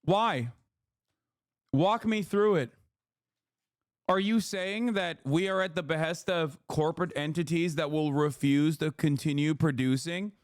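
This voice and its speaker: A man's voice: on the high side, unhurried, no room sound, clean studio sound. A man hosting a stream, reacting to clips with sarcastic, profane political commentary. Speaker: streamer host.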